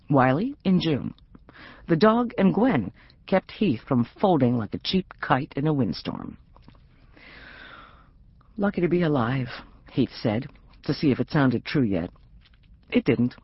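A middle-aged woman narrating an audiobook in an expressive, wry reading. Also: low voice, no echo, lo-fi sound. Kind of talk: scripted narration.

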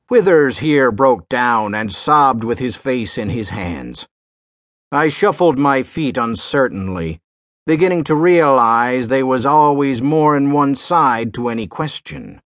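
Slow folksy male audiobook narrator. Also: mid-range voice, lively intonation, a bit bright, no echo, studio quality. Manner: folksy first-person drawl with rough sailor dialect.

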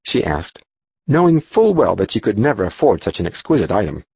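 A man narrating a children's audiobook in an expressive storytelling manner. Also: on the low side, brisk, creaky, husky, dry recording, highs cut off. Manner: expressive storytelling, voicing dialogue.

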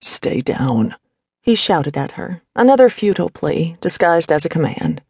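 A woman reading scripted narration for a fantasy romance audiobook, measured and expressive. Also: on the low side, breathy edge, no echo, clean studio sound.

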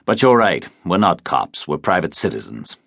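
Man doing a British private operative in an audiobook, low, clipped, probing. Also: very animated, moderate pace, vocal fry, fairly bright tone, dry recording, full character voice. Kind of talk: audiobook character reading.

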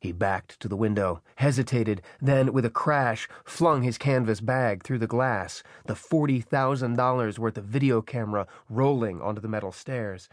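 A man's voice: mid-range voice, moderate pace, few pauses, no echo. A man reading a thriller audiobook with tense, dramatic narration, on a close studio microphone. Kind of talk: scripted narration. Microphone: close studio mic.

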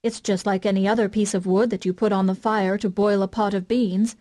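A woman's voice: medium pitch, little pitch movement, brisk, mellow, lightly acted. A woman voicing an old male carpenter who mutters to himself and grows frightened, in a storybook reading. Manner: muttering to himself, trembling and stammering.

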